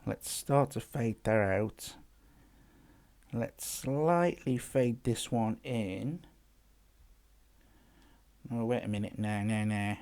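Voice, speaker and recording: A man's voice: on the low side, takes it slowly, long pauses, darkish tone. A man hosting a casual music app demo, chatting and thinking aloud as he works, often restarting his phrases. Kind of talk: casual tutorial talk-through.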